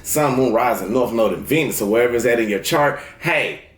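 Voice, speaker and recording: A man's voice: medium pitch, a little fast. Guy doing a casual tarot reading, aave, echoey room, repeats himself a lot. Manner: talks straight to the viewer, repeats phrases, many restarts. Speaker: tarot reader. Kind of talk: casual spiritual reading to camera.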